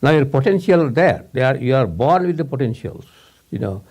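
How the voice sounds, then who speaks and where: A man's voice: medium pitch, lively intonation, normal speed, darkish tone. A man giving a rambling, informal talk to a small audience, repeating words and laughing often.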